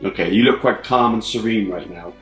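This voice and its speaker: A man's voice: lowish voice, brisk, soft background music. A man hosting a tabletop battle report, chatting casually and laughing often. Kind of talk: casual game commentary. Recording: roomy studio echo.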